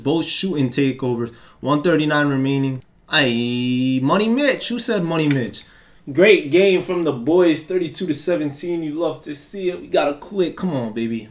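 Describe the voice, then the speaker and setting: Young man, gaming commentary, loud highs, low grumbles. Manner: swings between hype yelling and deflated muttering. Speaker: gaming YouTuber. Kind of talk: live gameplay commentary.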